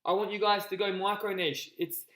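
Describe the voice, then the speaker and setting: A man coaching a group on a live call, energetic and repetitive, often calling his listeners guys. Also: high voice, fairly quick, reverberant, rough recording. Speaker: business coach.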